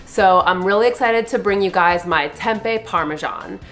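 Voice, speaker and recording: A woman's voice: mid-range voice, moderate pace, fairly bright tone, faint music behind. A woman hosting a cooking channel, chatting in a casual, upbeat way and then walking through the recipe steps.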